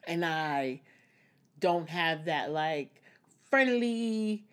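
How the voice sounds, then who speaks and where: Creaky-voiced woman in a candid vlog. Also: fairly low pitch, unhurried. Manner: open and reflective, with frequent small laughs. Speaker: vlogger. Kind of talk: candid personal vlog talk.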